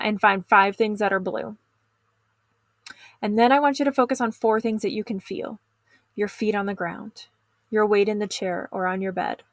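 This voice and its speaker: Calm encouraging woman coaching teens. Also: medium pitch, vocal fry, dry recording. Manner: calm, encouraging, talks straight to the viewer. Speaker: teen stress coach. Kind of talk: instructional video lesson.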